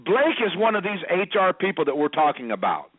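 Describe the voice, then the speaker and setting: Loud, heated man on a thin line. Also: high voice, very animated, brisk, dry recording. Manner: loud, heated, jokingly combative. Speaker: recruiter panelist. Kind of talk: panel discussion. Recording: dry, thin phone-like sound.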